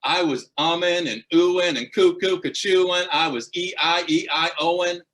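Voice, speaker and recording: As a guest speaker at a speaking club, a man tells a humorous true story, building animatedly toward punchlines. His voice is high-pitched and his pace measured.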